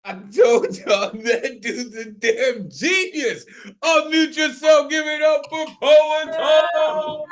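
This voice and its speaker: A man's voice: very high-pitched, slow. A man in the audience of a video-call open mic, cheering and joking with profanity. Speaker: audience member.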